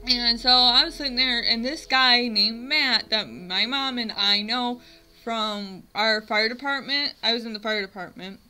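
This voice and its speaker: Rambling through a funny story about herself, this American vlogger in her twenties pokes fun at herself and says "like" constantly as she talks to camera. Her voice is a little high, unhurried, bright and forceful, with a clear, resonant tone. Soft music plays behind a low-quality recording.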